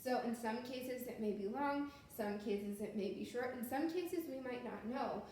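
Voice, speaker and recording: A woman's voice: on the high side, normal speed, a little mellow. A woman teacher explaining a phonics lesson step by step, in a patient way. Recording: very echoey room with faint noise.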